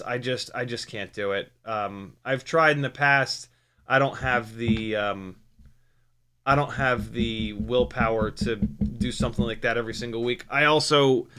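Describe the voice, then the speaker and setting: A man's voice: medium pitch, sharp tone. An American man hosting a drone live stream, chatting casually and reading viewer comments aloud, with many ums and restarts. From United States.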